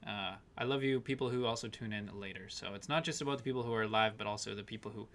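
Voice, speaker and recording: A man's voice: lowish voice, fast, fairly bright tone. Chatty man hosting a live stream. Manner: chatty, reads out viewer names and greetings. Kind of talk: casual live-stream chat.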